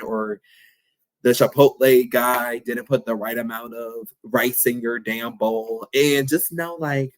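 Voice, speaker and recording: A man's voice: mid-range voice, fairly bright tone, dry recording. A young man hosting his own podcast, talking candidly and playfully in a reflective, affirming solo talk. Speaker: podcast host.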